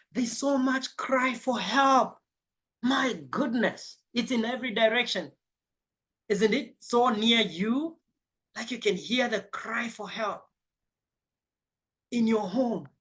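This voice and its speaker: A man's voice: extremely high pitch, sharp tone. A man giving a motivational life coaching session, emphatic and spiritual, repeating his key phrases.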